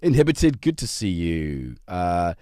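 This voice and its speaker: A man's voice: sits low, big pitch swings, measured pace, warm tone, no echo. A man hosting a casual livestream from his home music studio, rambling cheerfully and greeting viewers by name. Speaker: livestream host.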